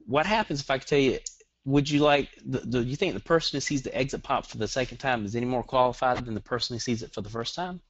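Middle-aged Southern US man, fast, joking webinar trainer; plain dry, muffled call audio. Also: medium pitch, no echo. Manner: rambling, joking, fast-talking. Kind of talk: online marketing webinar.

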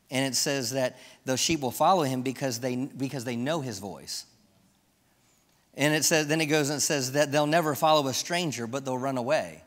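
Preaching man in a reverberant church. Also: mid-range voice. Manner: preaching with rising emphasis and rhetorical questions. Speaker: pastor. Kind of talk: sermon. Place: church sanctuary.

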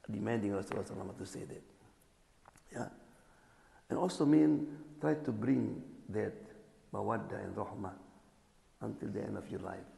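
A man preaching as an imam, animated, acting out little dialogues and checking in with his listeners. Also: lowish voice, creaky. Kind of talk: sermon. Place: community hall or mosque. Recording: echoey hall.

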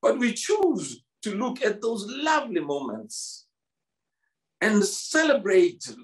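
A man's voice: high voice, big pitch swings, slow pace. A South African man in his fifties, a pastor preaching a sermon in church, emphatic and repetitive, restarting his words often.

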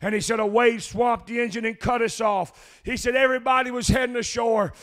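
Preaching in a very high, steady voice at a fairly quick clip, a man relates a lengthy story and then shouts in a rhythmic chant, adding "uh" ahead of every phrase.

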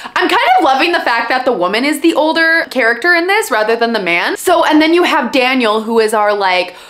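Young minnesota woman gushing about books, lots of "like", a bit high-pitched. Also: animated, a little fast, a bit bright. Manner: gushing, filler-heavy, rambling. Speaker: book vlogger. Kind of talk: casual chat.

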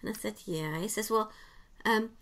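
Woman, English accent, podcast co-host, casual storytelling, acts out dialogue, bright tone. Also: mid-range voice, lively intonation, moderate pace. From England.

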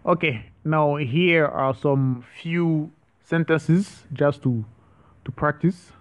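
Man, French teacher, slow deliberate delivery, repeats words, slightly dull lo-fi audio. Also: on the high side, clean tone. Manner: hesitant, with frequent restarts. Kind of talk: online language lesson.

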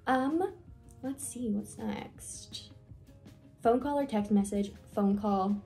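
Gravelly-voiced young woman rambling in a vlog. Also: fairly high pitch, slow, dark tone, faint music behind. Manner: rambling, filler-heavy, self-deprecating. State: nervous, with hiccups. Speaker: vlogger. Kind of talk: casual get-to-know-me vlog.

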